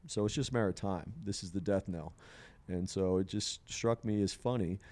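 A man's voice: deep voice, normal speed, darkish tone. A man telling a personal story in casual conversation, rambling with many fillers and frequent laughter. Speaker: podcast guest sharing a psilocybin experience.

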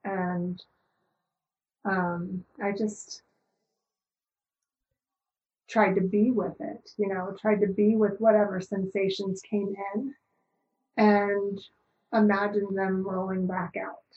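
A middle-aged woman talking slowly and calmly as an interview guest, reflective and searching, with many pauses. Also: mid-range voice, dull audio, slight background noise.

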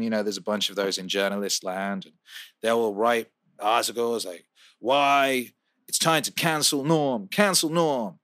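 A man hosting a podcast, answering listener questions in a casual, profane rant that swings from a laid-back drawl to loud outbursts. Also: medium pitch, dry recording, studio quality. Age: adult with a young son. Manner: profane, fired-up ranting with repeated phrases.

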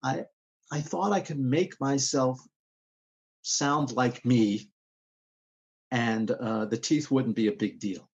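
A man being interviewed as an actor guest, talking in a rambling, halting way with many restarts. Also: medium pitch, breathy edge, dull audio. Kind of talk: podcast interview.

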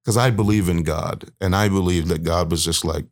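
A man's voice: low voice, fairly even intonation, normal speed, a little mellow. A man as a guest, earnestly and emotionally recounting a personal story and acting out what people said. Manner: earnest, emotional, vivid retelling with acted-out quotes.

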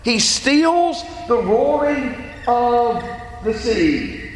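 A man's voice: very high-pitched, expressive, very slow. A man preaching a sermon, speaking emphatically and quoting scripture aloud. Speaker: pastor. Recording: echoey hall with faint ambient noise.

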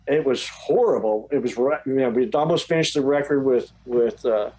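A man's voice: mid-range voice, normal speed, dark tone, poor audio. A man telling a long story as a guest, rambling and restarting his sentences. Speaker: guest musician. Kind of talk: casual storytelling.

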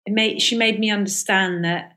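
A woman's voice: medium pitch, fairly even intonation, moderate pace, bright, forceful tone. A middle-aged woman comedian guest recalling school days in a candid, hesitant way, with many restarts. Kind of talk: reflective casual interview talk.

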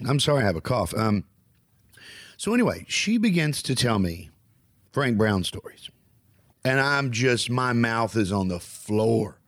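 A man tells long, rambling comic stories, slipping into voices for each character. His voice sits at a middle pitch and comes across close and dry, with no room sound. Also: a little slow, pauses often, dry recording. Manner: animated, acts out voices in his anecdotes. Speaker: comedian and podcast host.

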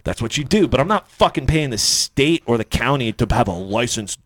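A man telling a story in casual podcast chat, animated and profane, often jumping into high-pitched quoted voices. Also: fairly quick, no room sound.

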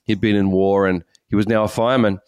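A man, a pastor, giving an earnest, animated personal testimony in conversation. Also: on the low side, quick pace, clear, resonant tone, no room sound, clean studio sound. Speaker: pastor and guest speaker.

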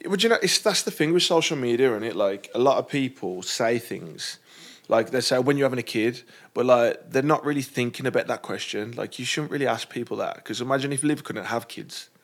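A man's voice: mid-range voice, expressive, fairly quick, a bit bright. A young man talking candidly as a podcast guest, in a casual, chatty way with lots of "like". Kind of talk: candid conversation.

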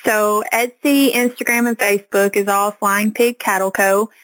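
A woman's voice: medium pitch, steady tone, moderate pace, a bit bright, dry recording, low-quality recording. A woman farmer, giving earnest, plain-spoken answers as a podcast guest. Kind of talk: casual interview answers.

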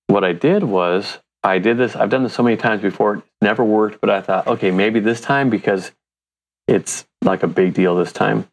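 A man's voice: lowish voice, normal speed. A man from the United States, a company founder and interview guest, telling stories casually, laughing often and acting out his own thoughts.

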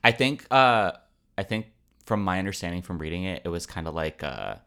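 A young man hosting a podcast, telling a folklore story in a relaxed, jokey way with casual asides. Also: deep voice, brisk, clean tone. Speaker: podcast host.

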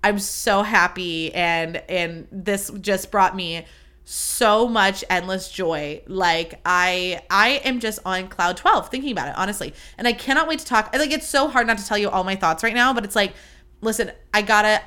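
A woman's voice: medium pitch, moderate pace, sharp tone, smooth. A young woman hosting her own podcast, chatting casually in a bubbly, gushing way and swearing freely. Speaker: podcast host. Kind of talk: casual solo podcast chat.

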